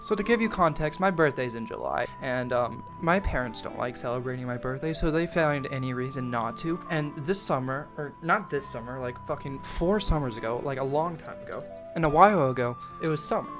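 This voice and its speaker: A man's voice: mid-range voice, animated, brisk, music in the background. A young man telling a rambling, profane story from his teens in a casual storytime vlog, full of fillers and restarts. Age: young adult. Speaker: storytime vlogger.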